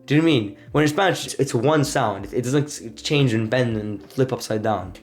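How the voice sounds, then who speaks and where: A Spanish teacher gives a casual spoken lesson on pronunciation, explaining loosely with many fillers and demonstrating vowels with exaggerated sounds and laughs. His medium-pitched voice is animated and fast, with hardly any pauses, over soft background music.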